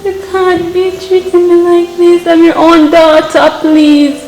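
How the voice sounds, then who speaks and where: A woman plays a young Jamaican daughter, high-voiced and slow, pleading through tears. The room is echoey with faint music underneath. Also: monotone, a little mellow. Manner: pleading, tearful. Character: young woman begging her mother for forgiveness.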